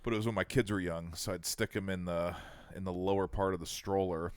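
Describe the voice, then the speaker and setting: A middle-aged man with a low voice tells a story casually. He acts out the people he quotes. The sound is close and dry. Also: steady tone, a little fast, clear, resonant tone, no room sound.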